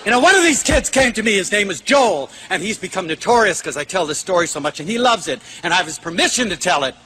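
An older American man giving a lively motivational lecture, acting out quoted voices with sudden shouts. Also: high-pitched, quick pace, a little hiss or hum. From United States. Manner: animated, acts out quoted voices, shouts for emphasis.

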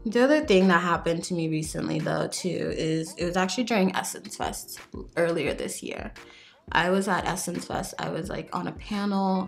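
A young woman vlogging casually as she does her makeup, telling a story in a chatty, animated way with lots of "like". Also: fairly low pitch. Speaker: beauty vlogger.

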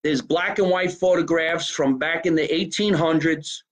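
A man hosting a casual live podcast from a basement, talking in an animated, profane way as he plugs a local deli. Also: a little high, normal speed, poor audio. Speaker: podcast host. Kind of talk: casual live-stream chat.

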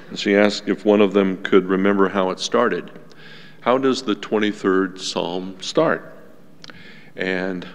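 Pastor, male, low gravelly voice, slow unhurried sermon delivery, long church reverb. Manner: unhurried, gentle teaching tone with asides to the congregation. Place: church sanctuary.

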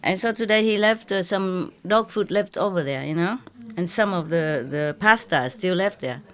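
A woman's voice: on the low side, lively intonation, moderate pace. A woman spiritual teacher telling a lighthearted anecdote in an informal lecture, joking and playfully imitating a cat's meow. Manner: playful, joking storyteller who imitates cat meows. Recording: live audience laughter behind.

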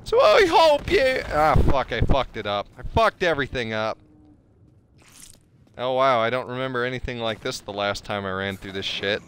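A man's voice: medium pitch, moderate pace, a bit bright, a little hiss or hum. Foul-mouthed joking game streamer, a man. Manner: profane, joking, trash-talking the game. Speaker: gameplay streamer. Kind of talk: casual let's-play commentary.

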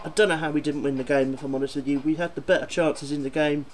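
A man's voice: a little high, steady tone, fast talker, faint music behind, poor audio. A man doing a football fan video, ranting and swearing in exasperation about his team.

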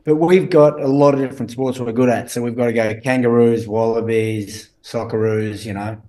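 Aussie country bloke, laid-back wry jokes, mid voice, calling in from home. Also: male voice, mid-range voice, steady tone, normal speed, warm tone. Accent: Australian. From rural Australia. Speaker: guest. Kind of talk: casual chat. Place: remote video call from home.

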